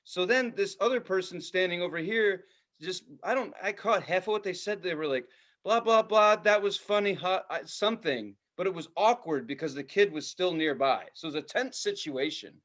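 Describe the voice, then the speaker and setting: A man co-hosting a podcast, telling a profane, animated story in casual chat, now and then shouting loudly. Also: sits high, brisk. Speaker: podcast co-host.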